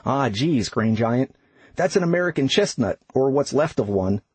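A man voicing a practical retired older man with a Minnesota accent who speaks slowly and enunciates carefully. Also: medium pitch, lively intonation, slightly rough, no room sound. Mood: explaining.

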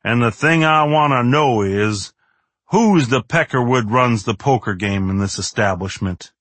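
A man voicing a cocky, brash male patient who talks in a slow drawling cowboy manner, out of the side of his mouth. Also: medium pitch, fairly bright tone, no room sound. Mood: swaggering.

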